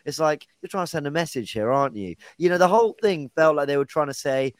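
A man's voice: a little high, expressive, fast, few pauses, no echo. A man hosting a casual football podcast, chatting and handing questions to his co-hosts. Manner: chatty, hands the floor to others. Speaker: podcast host.

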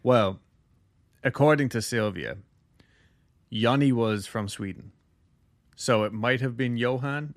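A man's voice: mid-range voice, a little slow, pauses often. A man hosting a podcast, casually telling a ghost story with lots of jokes and filler words. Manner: loose, jokey, heavy use of "like".

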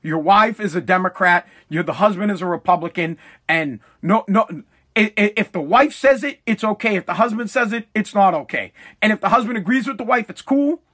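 High-voiced man on a profane, fired-up rant. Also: fairly quick, a bit bright. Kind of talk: ranting monologue. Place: at home at night.

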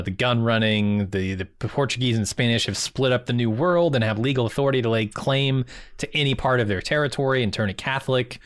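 A man's voice: lowish voice, no room sound, studio quality. A man co-hosting a podcast, recapping the plot in a laid-back way and laughing often. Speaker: podcast co-host. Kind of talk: casual chat, recapping plot.

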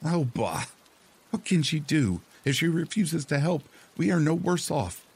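A man's voice: very animated, a little slow, gravelly, a little mellow, breathy edge, full character voice. A man voicing a greedy, nagging old fishwife in a storybook tale, speaking in a raised, insistent voice. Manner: shrill and insistent.

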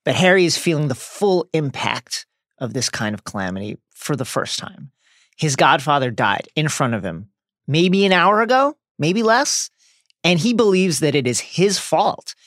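A man co-hosting a book-discussion podcast, speaking in a measured, conversational way with wry asides. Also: fairly high pitch, big pitch swings, fairly bright tone, dry recording, clean studio sound. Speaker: podcast co-host.

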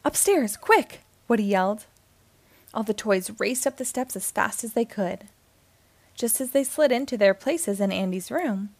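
Female storyteller reading a kids' book aloud; slightly high voice, dry close recording. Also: no echo.

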